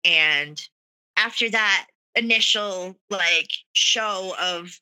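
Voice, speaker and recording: A woman's voice: medium pitch, very slow, sharp tone, smooth, low-quality recording. A woman earnestly telling her own story as a guest, with lots of "you know" and "like" fillers. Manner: earnest, many fillers like 'you know' and 'like'. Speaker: guest sharing a personal story. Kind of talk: candid personal storytelling.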